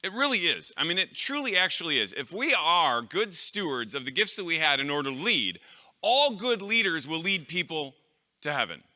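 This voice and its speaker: A man's voice: fairly high pitch, very animated, moderate pace, pushed and bright, in a large hall. A middle-aged man giving a live talk to an audience of clergy, conversational and anecdotal, with fillers and restarts. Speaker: conference speaker.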